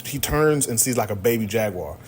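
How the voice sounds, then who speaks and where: A man hosting a podcast, retelling a film's plot in casual, slangy, energetic storytelling. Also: lowish voice, brisk, a little hiss or hum. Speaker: podcast host. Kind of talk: casual movie recap.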